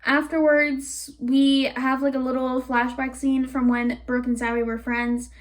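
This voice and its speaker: A woman recapping a cartoon series in a casual, animated way, with sarcastic asides and rambling tangents. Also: high voice, a little slow. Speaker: YouTube reviewer.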